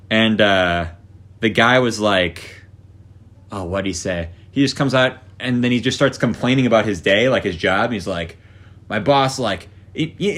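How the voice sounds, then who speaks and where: A man's voice: fairly low pitch, fairly bright tone. A young man co-hosting a podcast, rambling through a story in casual chat, swearing and acting out what people said. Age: young adult. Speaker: podcast co-host.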